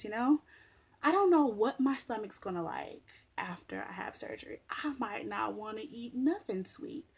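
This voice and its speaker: A young woman vents on her vlog in a husky, mid-range voice with lively intonation, taking her time over soft background music. She's blunt and sassy, swearing freely as she complains about people telling her what to eat.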